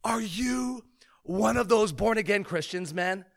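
A man voicing a big, emotional former football player who shouts, choked up and overwhelmed. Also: high-pitched, measured pace, gravelly, voice pushed up. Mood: aggressive.

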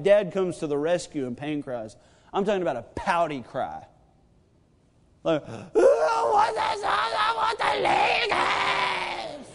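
A man in his thirties preaching a sermon, telling a family story with animated, acted-out quotes. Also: sits high, big-room sound, slight background noise. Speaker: pastor.

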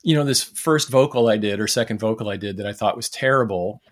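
Singer guy, kinda low voice, laid back and poking fun at himself. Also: fast. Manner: self-deprecating, easygoing. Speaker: podcast co-host, singer. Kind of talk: casual chat.

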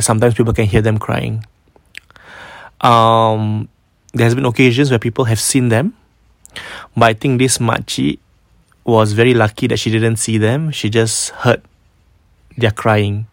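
A man's voice: fairly low pitch, vocal fry, no echo. A man with a Singaporean accent hosting a podcast, casually retelling a ghost story, mixing in Malay phrases and often repeating words as he goes. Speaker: podcast host.

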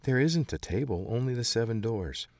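A man's voice: medium pitch, animated, moderate pace, no echo, clean studio sound, voice pushed up, lightly acted. A man voicing an honest, frightened young woman who speaks hesitantly and politely. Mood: timid. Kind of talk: audiobook character voice.

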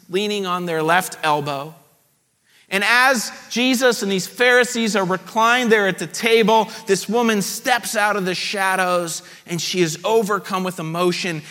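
A male pastor preaching a sermon with animated storytelling. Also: high-pitched, long reverb tail.

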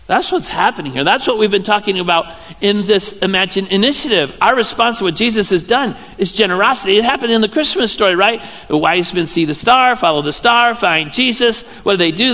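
A man, a pastor giving a sermon in a playful, joking storytelling way with sudden loud exclamations. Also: high-pitched. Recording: church hall reverb.

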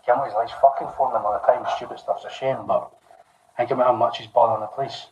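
A young Scottish man co-hosting a podcast, telling stories and making absurd, deadpan jokes. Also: mid-range voice, fast, dull audio, slight background noise. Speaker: podcast co-host. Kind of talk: casual comedic storytelling.

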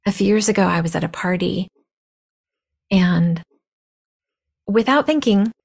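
A woman's voice: medium pitch, animated, a little slow, creaky, darkish tone, husky. A woman in her fifties hosting a podcast, telling a personal story in a blunt, candid way, her voice scratchy from a cold. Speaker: podcast host.

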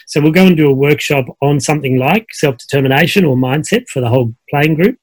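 A man's voice: fairly high pitch, fast, dry recording. A middle-aged man with an Australian accent, a coach chatting casually on a video call with many fillers. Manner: relaxed storyteller, many fillers. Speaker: guest coach. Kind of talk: casual conversation.

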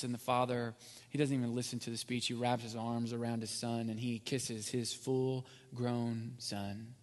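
A man preaching a sermon as pastor, rising to loud peaks and dropping to near whisper. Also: medium pitch, little pitch movement, moderate pace. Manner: builds from quiet to loud, then drops to near whisper. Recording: long hall reverb.

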